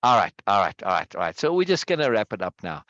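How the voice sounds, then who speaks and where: Lively man explaining a book. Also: on the low side, quick pace, dry recording, dull audio. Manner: animated, repeats words, asks "right?". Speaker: study group leader. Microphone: video call.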